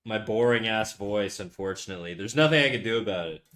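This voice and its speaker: A man's voice: lowish voice, animated, fast talker, a bit bright. A young man live-streaming from his apartment into a desk condenser mic, chatting casually and swearing as he reads his chat while he draws. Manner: laid-back, swears a lot, reads chat aloud. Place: his apartment, untreated room. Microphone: USB condenser desk mic.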